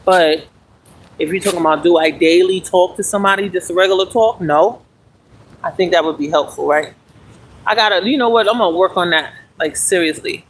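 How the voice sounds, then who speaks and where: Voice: mid-range voice, a little fast, poor audio. Rambling live streamer in their 40s, chatty and all over the place, walking outside with the phone, some faint hiss behind. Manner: chatty and meandering, talks while walking and exercising. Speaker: livestreamer. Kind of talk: rambling casual live chat. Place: outdoors, walking to a house.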